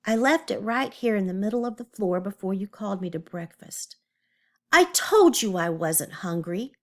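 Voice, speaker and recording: A high, shrill little boy whines and shouts about his lost toy, as a woman reader puts him on. His voice jumps up sharply and slows into drawn-out complaints. The reading is a children's storybook. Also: animated, lightly acted. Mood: indignant. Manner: whining, shouting. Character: whiny young boy, quick to yell.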